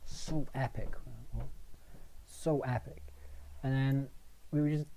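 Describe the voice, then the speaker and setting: A man's voice: medium pitch, level tone, takes it slowly, noisy background. A man in a comic, mock-outraged rant, swearing freely and rambling with stammered restarts. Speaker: video maker.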